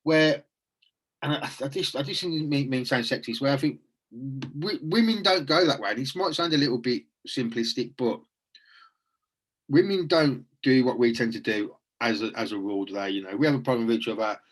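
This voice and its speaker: A man's voice: medium pitch, fairly quick. A man hosting a casual, reflective chat, earnest and rambling with frequent restarts.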